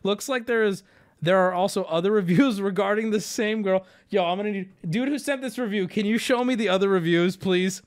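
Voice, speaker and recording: A man's voice: high-pitched, brisk. A young man streaming, reacting in casual, blunt, profane chat and laughing often.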